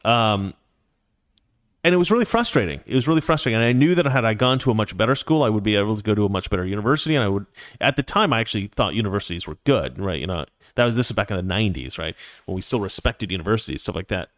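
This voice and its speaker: A man's voice: on the low side, expressive, rapid-fire, fairly bright tone, no room sound, clean studio sound. A man in his forties from the United States hosting a casual political commentary show, speaking opinionatedly and directly to his viewers. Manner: opinionated, talks straight to viewers. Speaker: show host.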